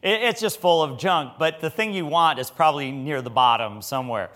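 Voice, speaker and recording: A man's voice: on the high side, fairly quick, a bit bright. A middle-aged man preaching a sermon in a folksy, conversational way, telling stories with animation.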